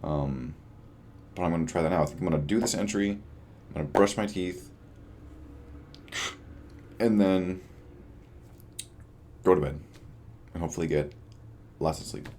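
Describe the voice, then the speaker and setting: A man's voice: low voice, a little slow, pauses often, darkish tone, slight background noise. Tired young man rambling in a video diary. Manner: rambling, self-deprecating, trails off. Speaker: vlogger.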